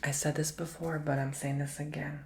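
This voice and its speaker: Man, ASMR tarot reader, soft and whispered, gravelly, even-toned, encouraging. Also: a little high, brisk, slight background noise. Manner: gentle, encouraging, repeating affirmations.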